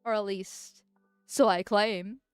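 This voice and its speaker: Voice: medium pitch, steady tone, slow pace, clean tone, no room sound, faint music behind. A political vtuber streamer chatting casually and reading chat, speaking through a voice changer in a rambling, giggly way. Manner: rambling and giggly, with frequent restarts.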